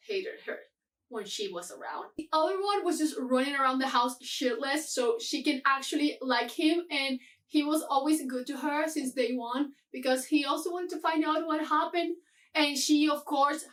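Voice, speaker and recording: A young woman vents about a book in a casual vlog, exasperated and swearing, with heavy sighs. Her voice sits high and sounds a little set back from the microphone. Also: far from the mic. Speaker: book vlogger. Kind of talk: casual ranting book review.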